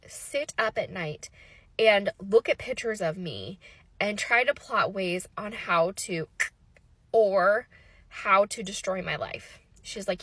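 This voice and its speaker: A woman telling her own story in a casual storytime monologue, animated and exasperated, swearing freely and laughing at the absurd parts. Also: medium pitch, breathy edge.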